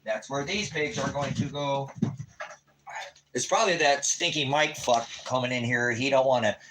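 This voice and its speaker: A man's voice: mid-range voice, normal speed, a bit bright, a little hiss or hum. A man on a livestream at home, ranting in a profane, taunting way at people in his chat. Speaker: livestream host. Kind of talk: angry livestream rant. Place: at home by a wood stove.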